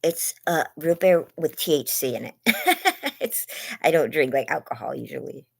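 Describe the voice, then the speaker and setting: With a deep, expressive, slightly rough voice full of vocal fry, a woman livestreams from her bed at a moderate pace. She rambles and greets viewers by name with enthusiasm, saying her voice is going and her lungs hurt as it audibly tires.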